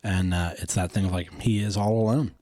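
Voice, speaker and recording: A man's voice: low-pitched, fairly even intonation, a little fast, dark tone, dry recording, studio quality. A man co-hosting a podcast, retelling a film in a casual, rambling way, with lots of "you know" and "like". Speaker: podcast co-host.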